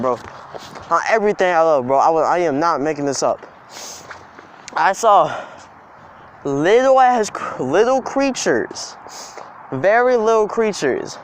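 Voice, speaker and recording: High-voiced young man telling a story outdoors. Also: slight background noise. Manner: casual, rambling, emphatic. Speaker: vlogger. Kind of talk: storytime vlog. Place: outdoors in the cold.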